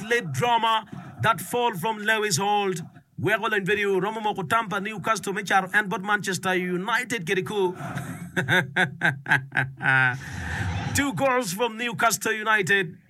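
A man doing excitable live football commentary, rapid and sing-song. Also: sits high, slight background noise. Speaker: sports radio commentator.

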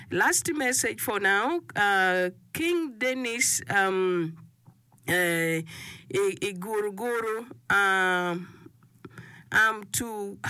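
A woman hosting a radio show from the studio reads out listeners' song requests and greetings, teasing the senders playfully between messages. Her voice is medium-pitched with a sharp tone, and there's no echo.

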